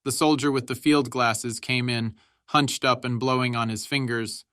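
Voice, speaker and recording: A man narrating an audiobook in a steady, measured reading. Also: mid-range voice, smooth, no echo, clean studio sound.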